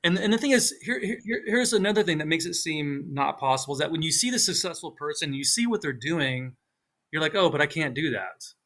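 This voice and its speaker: A man co-hosting a live online talk, telling stories in a casual, animated way and acting out quoted speech with big jumps in his voice. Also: fairly high pitch, brisk. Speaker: co-host. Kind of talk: casual chat on a livestream.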